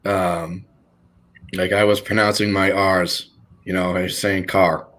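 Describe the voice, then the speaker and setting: Low-voiced man with a Boston accent. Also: flat delivery, a little slow, fairly bright tone. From Boston, United States. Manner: easygoing, laughs often, hesitant fillers. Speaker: guest. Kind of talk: casual livestream chat.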